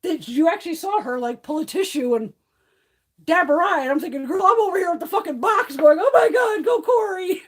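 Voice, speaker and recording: A woman in her fifties chatting casually on a live stream, blunt, profane and animated. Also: sits high, brisk. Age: 50s. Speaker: beauty livestream host.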